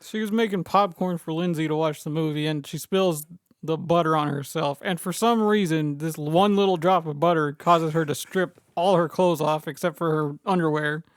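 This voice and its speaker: A man's voice: fairly high pitch, normal speed, clear, resonant tone, no room sound, studio quality. A man co-hosting a podcast, adding wry jokes and some swearing while recapping a horror film. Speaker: podcast co-host. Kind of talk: casual movie recap chat.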